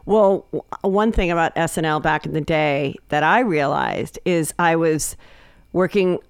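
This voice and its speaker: A woman comedian guesting on a podcast, telling stories chattily and acting out quotes in a higher voice. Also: unhurried, smooth, no room sound, clean studio sound. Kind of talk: casual chat, storytelling.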